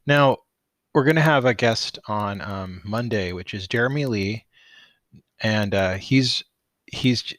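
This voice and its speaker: A man with a lowish voice hosting a podcast, delivering an excited, gushing sign-off. He stumbles and restarts often as he talks. The sound is dry and close. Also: slow pace, dry recording. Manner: enthusiastic, gushing with many restarts. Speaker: podcast host. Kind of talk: casual podcast outro.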